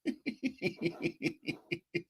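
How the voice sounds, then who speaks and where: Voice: extremely slow, a little hiss or hum. A livestream host giving mocking, incredulous commentary and reading out viewers' super chats.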